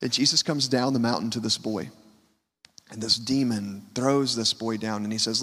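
A man preaching a sermon, his delivery swinging between hushed lows and loud, high cries. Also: steady tone, normal speed, husky, big-room sound. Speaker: pastor.

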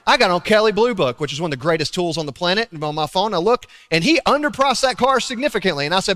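Animated man preaching in a hall. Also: high-pitched, fast, hardly any pauses. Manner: animated storytelling, swinging between loud emphasis and hushed asides. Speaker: pastor. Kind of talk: sermon. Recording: long reverb of a large hall.

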